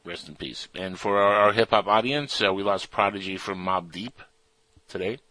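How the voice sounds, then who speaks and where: A man's voice: on the low side, normal speed, pushed and bright, no echo, rough recording. A man hosting a radio show, chatting in a playful, goofy and rambling way. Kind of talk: casual radio banter.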